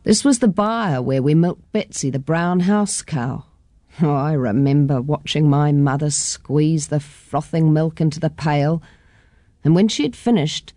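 A woman reading a storybook, voicing a gentle old grandmother who softly recalls her childhood. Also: deep voice, no echo, clean studio sound. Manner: slow, soft, reminiscing.

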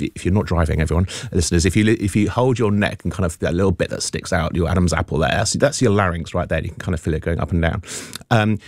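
New man, radio guest linguist, very low voice, dry studio sound. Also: no room sound. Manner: explanatory, many ums, friendly. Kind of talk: explaining on radio. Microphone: studio microphone.

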